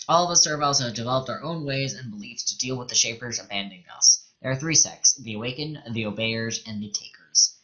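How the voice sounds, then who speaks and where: A man's voice: mid-range voice, animated, brisk, bright, forceful tone, highs cut off. A man casually commenting on a game he plays and reading its text aloud. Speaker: let's play host.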